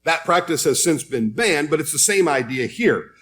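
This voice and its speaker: A man's voice: fairly high pitch, lively intonation, normal speed, a bit bright. A man preaching a sermon, telling a Bible story in a conversational way and reading scripture aloud.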